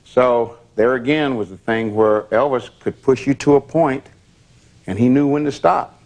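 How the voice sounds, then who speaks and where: An older man, a former bodyguard, telling stories in a plain, steady way during a candid interview. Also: mid-range voice, measured pace.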